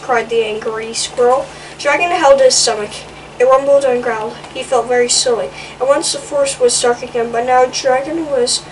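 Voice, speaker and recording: A woman's voice: sits high, distant mic, slight background noise, low-quality recording. A woman reading a children's picture book aloud in a playful way, adding little comments between pages.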